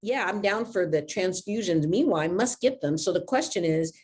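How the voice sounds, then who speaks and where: A woman speaking plainly and calmly about her own experience, narrating and talking things over candidly. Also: medium pitch. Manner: measured and plain-spoken, clears her throat often. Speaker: vlogger sharing her illness journey. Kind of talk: personal narration and candid conversation.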